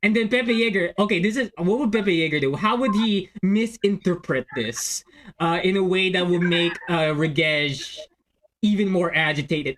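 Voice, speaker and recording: Rambling man with a slightly high voice. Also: normal speed, fairly bright tone. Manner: rambling, restarting sentences, many fillers. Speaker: dungeon master and podcast host. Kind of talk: casual chat among friends.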